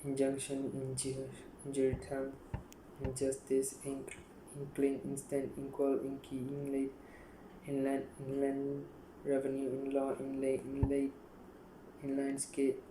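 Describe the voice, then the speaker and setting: A man reading dictionary words aloud one after another, in a flat listing manner with frequent stumbles and restarts. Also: medium pitch, unhurried, reverberant, noisy background. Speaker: youtuber.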